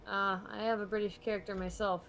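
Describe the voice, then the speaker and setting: A young woman hosting an art stream who talks casually while she draws, rambling and laughing often, sometimes dropping to quiet mumbles as she works. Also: mid-range voice, level tone, quick pace, slight background noise. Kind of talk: casual chat while drawing.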